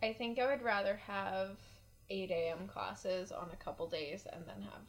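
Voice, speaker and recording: A woman in her twenties co-hosting a casual podcast, agreeable and giggly, often speaking softly. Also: mid-range voice, steady tone, normal speed, gravelly. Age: 20s. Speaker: podcast co-host.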